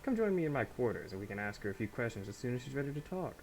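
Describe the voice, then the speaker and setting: An earnest rebel leader welcoming a comrade, read aloud by a man in his everyday voice. The pitch is medium. There is a soft hiss in the background. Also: sing-song, very fast. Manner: reading game dialogue aloud.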